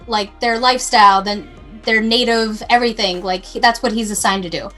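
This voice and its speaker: A woman's voice: mid-range voice, steady tone, a little fast, pushed and bright, faint music behind. A woman casually telling a true crime story to her co-host, in a chatty, rambling way that often interrupts itself.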